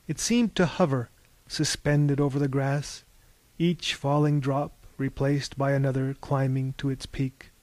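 A man narrating an audiobook in a slow, measured and expressive way. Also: medium pitch, no room sound.

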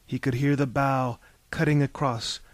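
A man reading a novel aloud as narrator, in measured storytelling that turns theatrical in the dialogue. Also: mid-range voice, steady tone, dry recording. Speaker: audiobook narrator. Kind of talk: scripted narration.

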